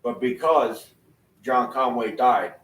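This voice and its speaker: A man's voice: medium pitch, takes it slowly. A man talking in a rambling, casual way, full of restarts and laughing to himself. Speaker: vlogger. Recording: echoey room, far from the mic, faint noise.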